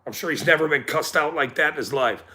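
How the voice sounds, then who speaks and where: A man's voice: fairly high pitch, fast talker, sharp tone. A man ranting with heavy swearing and then chatting casually, laughing often and rambling as he talks to his viewers.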